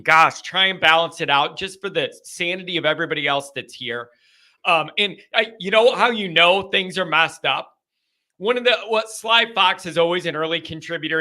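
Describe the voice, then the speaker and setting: A man hosting a live call-in show, chatting loosely and rambling, with an animated, anxious edge. His voice sits high and comes across very bright and sharp. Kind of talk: casual live chat.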